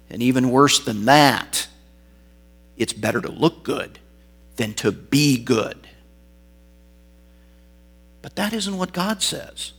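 A man's voice: medium pitch, animated, slow, pauses often, slightly rough. A male pastor preaching an expository sermon, reading and explaining scripture with varied emphasis.

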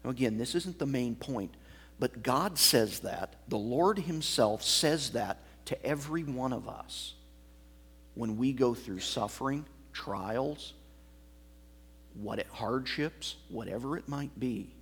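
Male pastor, husky voice, unhurried expository sermon, walks through the text point by point. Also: medium pitch, expressive, a bit bright. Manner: measured teaching, explaining a passage line by line.

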